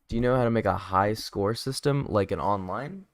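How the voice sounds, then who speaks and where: A man streams his game development, talking casually as he works and answers questions from viewers. His voice sits low and he sounds a bit tired. The sound is dry and close, with no room echo. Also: moderate pace, few pauses. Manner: chatty, answers viewer questions while working. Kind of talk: casual livestream chat and coding explanation.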